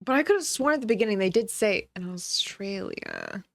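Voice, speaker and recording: A woman's voice: medium pitch, wildly swooping pitch, normal speed, gravelly. A woman streamer reacting to a documentary, making sarcastic jokes and asides in a casual chat style. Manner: sarcastic, joking asides with laughs.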